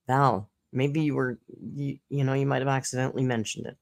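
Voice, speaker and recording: A woman's voice: very deep voice, normal speed, hardly any pauses, a little mellow. A woman hosting a live reaction stream, giving sarcastic commentary with swearing and laughter. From Canada.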